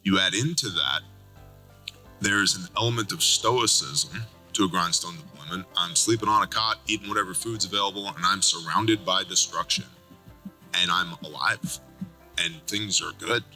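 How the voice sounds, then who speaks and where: A man talking in a relaxed, reflective way during casual conversation. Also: deep voice, normal speed, soft background music, rough recording. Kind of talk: casual chat.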